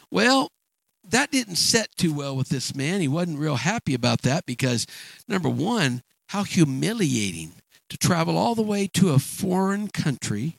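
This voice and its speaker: A male preacher delivers a sermon in a halting, emphatic style and keeps doubling back on his words. His voice sits a little high and has a gravelly edge. The sound is dry and close. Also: sing-song, fairly bright tone, dry recording, low-quality recording.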